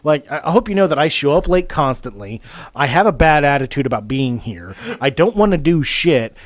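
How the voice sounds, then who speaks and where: Podcast host, male, higher voice, swears freely, lively storyteller. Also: a little fast. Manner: profane, animated storyteller. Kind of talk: casual storytelling chat.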